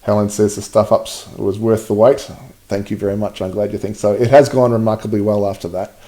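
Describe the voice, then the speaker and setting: Man, mellow tone, casual live-stream host, chatty, laughs a lot. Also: lowish voice, little pitch movement, brisk. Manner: chatty, reads out viewer comments, laughs often. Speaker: livestream host.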